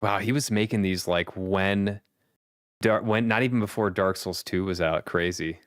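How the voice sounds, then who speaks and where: Man, low voice, smooth, dry close mic, casual rambling stream chat. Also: normal speed, dry recording. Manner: thinks aloud, rambling with fillers.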